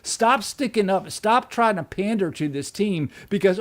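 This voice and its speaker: A man's voice: high-pitched, lively intonation, a little slow, few pauses. A man co-hosting a sports podcast, ranting with lots of swearing and restarts. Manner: ranting, profane, many restarts. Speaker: podcast co-host. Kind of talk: heated sports podcast chat.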